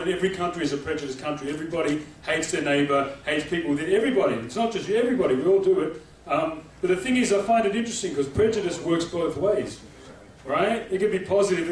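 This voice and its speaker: An Australian comedian with a high voice races through a stand-up set on a club stage, chatty and punchy, constantly checking in with the crowd. It's taped from far off in an echoey room with crowd noise.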